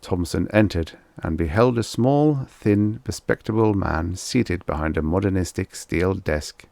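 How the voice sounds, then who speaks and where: A man with a croaky, wheezy voice narrating a vintage short story in measured storytelling. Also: low-pitched, a little mellow, dry recording. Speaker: audiobook narrator.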